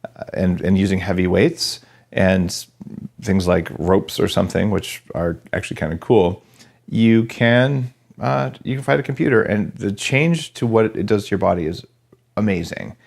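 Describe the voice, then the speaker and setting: A man's voice: low-pitched, normal speed, creaky, a little mellow. A man from New Mexico hosting a podcast interview, chatty and fond of jokes. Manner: chatty, joking. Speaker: podcast host.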